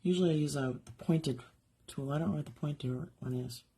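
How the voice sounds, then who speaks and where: A woman with a low, husky voice leads a live craft demonstration from her home studio. She chats casually and thinks aloud while she works, and her tone stays mellow throughout. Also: brisk. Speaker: jewelry artist demonstrating live.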